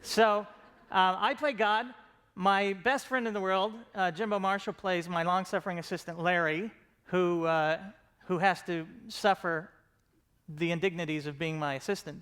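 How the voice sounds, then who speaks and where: On stage at a conference, the creator of a comedy show jokes to a live audience in a bright, smooth, high-pitched voice. His talk is casual and comedic, self-deprecating, and full of fillers and restarts.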